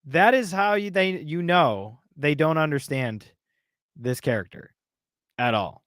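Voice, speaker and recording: A man's voice: fairly high pitch, sing-song, measured pace, a bit bright, dry recording, studio quality. A man co-hosting a casual podcast, ranting in a heated, exasperated way. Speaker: podcast co-host.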